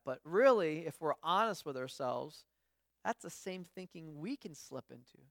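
This woman pastor speaks at a moderate pace with lively intonation and a slightly bright, medium-pitched voice. Her sermon is conversational and full of stories, with frequent restarts and quoted voices she acts out. The sound is clean studio quality, free of echo.

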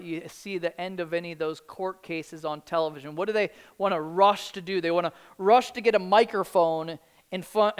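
A woman's voice: mid-range voice, clear, resonant tone. A middle-aged woman preaching a sermon in an earnest, conversational way, often saying "like". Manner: earnest, conversational, many "like" fillers.

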